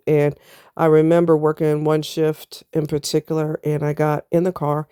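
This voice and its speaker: A woman's voice: deep voice, flat delivery, unhurried, warm tone, clear, resonant tone, dry recording, clean studio sound. A middle-aged woman telling a personal story in a candid, casual vlog, speaking straight to her viewers. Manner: candid, talks straight to viewers with southern US slang. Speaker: vlogger.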